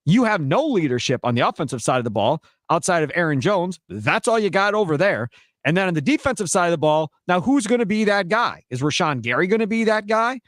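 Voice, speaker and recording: A man co-hosting sports talk radio, explaining things to listeners in a measured way. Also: high-pitched, sing-song, fairly bright tone, dry recording, studio quality.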